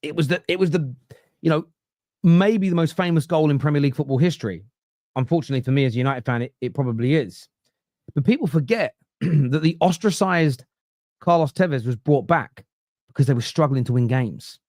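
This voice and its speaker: A man's voice: a little high, fairly quick, darkish tone, dry recording, clean studio sound. A man hosting a football podcast, ranting casually with swearing, digressions and mocking asides. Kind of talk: casual opinionated rant.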